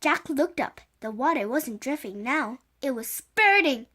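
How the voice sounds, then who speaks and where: A woman reading a children's chapter book aloud, halting now and then with slips and restarts. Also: sits high, animated, pushed and bright. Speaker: reader.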